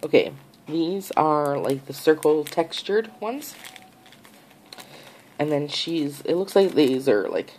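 Woman, low voice, gushing, excitable, casual unboxing chat, faint background hiss. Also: slow pace, long pauses, poor audio. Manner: gushing, excitable, lots of gasps and "oh my god". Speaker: nail art vlogger.

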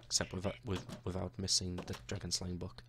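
A man's voice: low-pitched, completely flat delivery, brisk, noisy background. A young man narrating his own gameplay in a chatty, jokey way, talking to the characters he meets. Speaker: gaming YouTuber. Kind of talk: let's-play commentary.

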